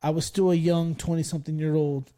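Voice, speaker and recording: A man in his forties hosting a podcast, telling stories in casual chat, swearing freely and loudly acting out what others said. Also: a little high, brisk. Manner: animated storyteller, swears freely, acts out quoted lines loudly. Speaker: podcast host.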